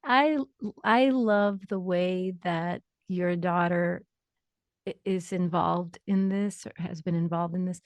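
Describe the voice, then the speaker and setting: A woman's voice: lowish voice, fairly even intonation, slow pace, dry recording. A woman radio host interviewing an author, enthusiastic and laughing along.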